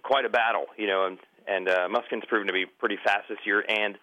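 A man rambles quickly through racing talk, full of fillers. His voice sits low. The recording is dull and lo-fi. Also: steady tone, bright, forceful tone. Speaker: co-host. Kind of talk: casual podcast chat.

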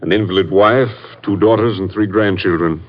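A grave ranger captain. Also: male voice, low-pitched, normal speed. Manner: grave, matter-of-fact. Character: grim middle-aged male ranger captain. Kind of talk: 1950s radio drama acting. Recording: muffled old radio broadcast.

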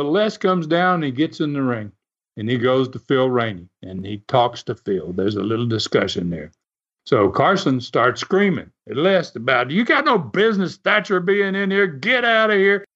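Man, former wrestler, folksy storytelling, fairly high voice, slightly muffled sound. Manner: folksy, laughs often, many fillers. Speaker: former wrestler telling stories. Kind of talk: casual storytelling.

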